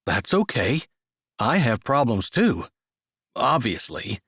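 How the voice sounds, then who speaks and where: A reclusive, scarred man from an audiobook romance, speaking gently and haltingly through grief, played by the male narrator close to his own voice. The tone is an ordinary mid-range male one. The recording is dry, with no room around it. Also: mid-range voice, sing-song, slightly rough, dry recording, heavily acted. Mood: gentle, grieving. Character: grieving, gruff but gentle uncle.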